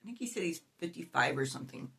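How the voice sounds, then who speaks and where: Woman, 50s, vlog host; lively, exasperated rant with sharp outbursts and a voice that jumps all over. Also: lowish voice, fast, vocal fry, husky. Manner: animated, exasperated ranting with sudden outbursts. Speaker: YouTuber.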